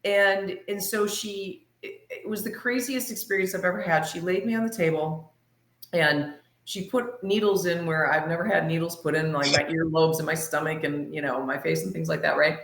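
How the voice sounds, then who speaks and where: Casting: lively woman guest, lower voice, roomy echo, chatty storyteller. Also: moderate pace. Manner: animated, laughing storyteller. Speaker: podcast guest. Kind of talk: casual storytelling.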